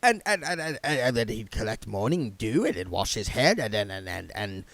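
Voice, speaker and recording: A man's voice: high-pitched, wildly swooping pitch, slow pace, no room sound, pitched above the performer's own voice, heavily acted. A man reading aloud and voicing a nervous wizard bursar who stammers and repeats himself in a panic. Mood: jittery. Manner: stuttering, panicky.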